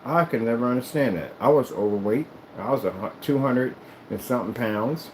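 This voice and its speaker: A man's voice: mid-range voice, expressive, brisk, slight background noise, poor audio. A man chatting casually to camera in an emphatic, rambling way, often repeating himself. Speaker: vlogger.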